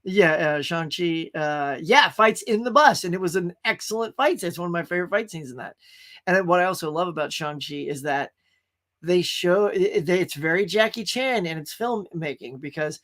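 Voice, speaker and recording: A man's voice: high-pitched, animated, normal speed, fairly bright tone. A man hosting a casual pop culture live stream, rambling enthusiastically about movies and greeting viewers in the chat.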